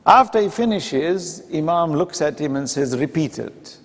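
A man delivers a sermon in a mosque with a chatty, storytelling manner, slipping into the quoted voices as he goes. His voice sits a little high for a man. The sound carries a long hall reverb. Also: animated, moderate pace. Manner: conversational, acts out quoted dialogue. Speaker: preacher.

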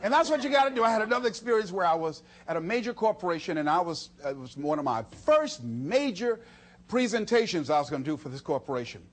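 A man's voice: sits high, fast talker. A man giving a motivational speech, telling stories with lots of energy and laughing often. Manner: animated storytelling, laughs often, talks to himself in acted quotes. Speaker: motivational speaker.

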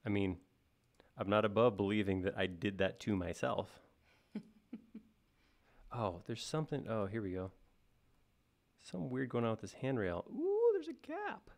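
A man teaching software on a live stream, thinking aloud in a casual, self-deprecating way as he works. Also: on the low side, moderate pace, vocal fry, pauses often. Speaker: software instructor. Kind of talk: live-stream modeling tutorial.

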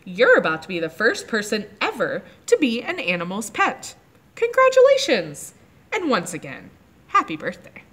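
A woman reading aloud, voicing a huge, polite male brontosaurus who speaks calmly. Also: mid-range voice. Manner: courteous and unhurried.

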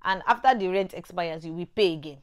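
A woman's voice: on the low side, fairly quick, smooth. A young Nigerian woman with a Nigerian accent, chatting to camera in a casual vlog and repeating her points for emphasis. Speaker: vlogger.

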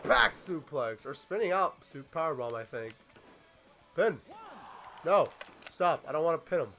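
A man commentating a wrestling video game as he plays, excitable and swearing, shouting at his opponent. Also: fairly high pitch, measured pace, soft background music. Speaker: gaming YouTuber. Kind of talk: let's play commentary.

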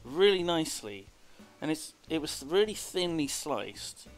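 With a fairly high, unhurried voice that swings widely in pitch, a man gives casual commentary while streaming a game. He chats, rambles, and makes playful asides over faint game music.

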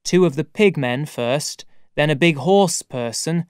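Male narrator: unhurried, resonant, slightly high voice; dry close-mic studio read. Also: clear, resonant tone, no room sound. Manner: measured, deliberate storytelling. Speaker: audiobook narrator. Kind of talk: scripted narration.

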